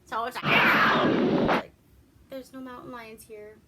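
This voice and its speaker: A woman's voice: on the high side, fairly even intonation, moderate pace, heavy background noise. A woman from Alaska giving a rambling, profane, wry movie review in casual chat.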